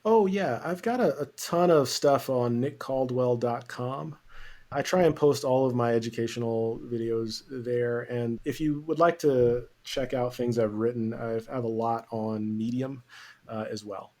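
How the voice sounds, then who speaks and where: Male guest from the East Coast, mid pitch, relaxed answers, quick laughs. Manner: easygoing, laughs often, brief answers. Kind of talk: casual interview answers.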